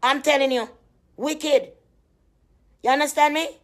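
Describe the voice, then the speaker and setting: A woman's voice: high voice, steady tone, a little slow, a bit bright. A woman with a Jamaican accent ranting to her viewers, indignant and rambling, swearing freely as she sells skin cream. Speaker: vlogger selling skin cream. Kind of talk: casual rant to camera.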